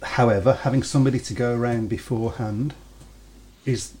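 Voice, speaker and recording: A man's voice: medium pitch, fairly even intonation, brisk, dark tone, breathy edge. Rambling British man in casual chat. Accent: British English. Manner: rambling, self-interrupting, chuckling. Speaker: podcast co-host. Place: studio.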